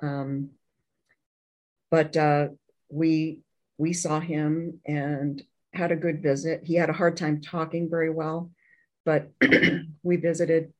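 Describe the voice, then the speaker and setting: A woman's voice: sits low, little pitch movement, slow pace, pauses often, darkish tone, poor audio. A woman telling a painful personal story in an interview, candid and earnest, often restarting her sentences. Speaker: interview guest.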